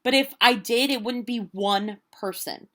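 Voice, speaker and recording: A woman in her late twenties telling a long story in casual, animated chat, quoting people as she goes. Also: a little high, measured pace. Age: 20s. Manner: animated, chatty storytelling with quoted voices. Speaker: vlogger.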